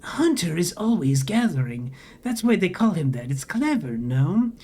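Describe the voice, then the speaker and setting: A player reading a narrative game aloud, voicing a cryptic vending machine in slow, halting, broken phrases. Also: medium pitch, big pitch swings, mellow. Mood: urgent. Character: eerie multitonal vending machine, cryptic and urgent.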